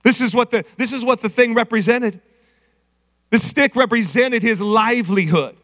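A middle-aged man preaching a sermon, energetic and calling out to the congregation. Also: extremely high pitch, moderate pace. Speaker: pastor. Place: church sanctuary. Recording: reverberant church hall.

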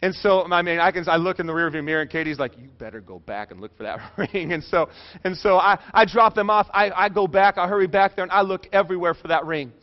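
A middle-aged man delivers a sermon as a rambling personal story, cracking jokes and then going hushed for the tender parts. His voice sits a little high for a man. The recording is dull and lo-fi. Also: quick pace. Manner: animated, joking, drops soft and low for emotional parts. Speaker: pastor. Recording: dull lo-fi sound.

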